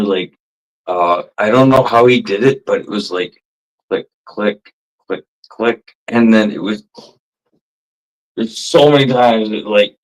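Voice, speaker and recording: A man's voice: on the low side, poor audio. A man telling rambling, profane stories in a casual monologue, laughing as he goes. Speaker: livestream chatter.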